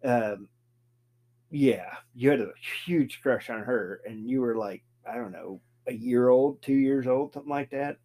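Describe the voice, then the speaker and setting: A man co-hosting a casual podcast, teasing dryly in a deadpan way. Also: medium pitch, unhurried. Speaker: co-host. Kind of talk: casual chat.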